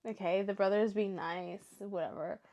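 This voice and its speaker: A woman's voice: mid-range voice, steady tone, moderate pace, dark tone. A young woman reading stories aloud for her show and breaking off into emotional, chatty reactions. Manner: emotional, chatty asides between read passages. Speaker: story reaction host.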